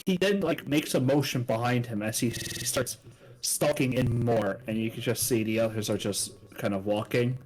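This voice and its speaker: A man narrating a tabletop role-playing game as the game master, in a loose, halting way full of fillers. His voice sits at an ordinary middle pitch. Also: darkish tone, low-quality recording.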